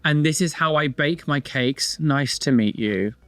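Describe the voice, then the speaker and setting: A man putting on a flat, slow, ordinary bloke introducing how he bakes. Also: a little high, no room sound, soft background music, voice pushed down. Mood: deadpan. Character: deadpan ordinary bloke introducing his baking.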